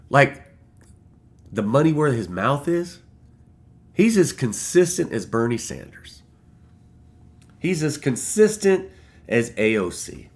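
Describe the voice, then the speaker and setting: A man casually telling a personal story to camera, emotional and excitable, swearing freely. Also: mid-range voice. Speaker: vlogger.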